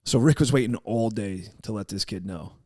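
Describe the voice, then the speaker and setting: A man's voice: lowish voice, moderate pace, darkish tone, dry recording, studio quality. A young man, telling a story on a podcast and acting out the voices of the people in it, swearing freely. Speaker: podcast co-host. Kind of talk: casual storytelling chat.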